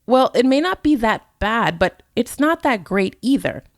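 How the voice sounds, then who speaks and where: A woman's voice: fairly high pitch, very animated, measured pace, dry recording, studio quality. A woman in her forties hosting a solo motivational podcast, talking straight to the listener in an earnest, encouraging way. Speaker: podcast host.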